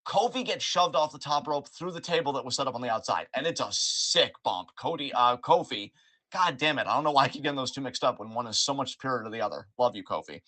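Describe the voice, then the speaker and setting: A man hosting a podcast, recapping events in an animated, joking way with plenty of swearing. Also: medium pitch, quick pace, no room sound. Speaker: podcast host. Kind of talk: casual wrestling recap chat.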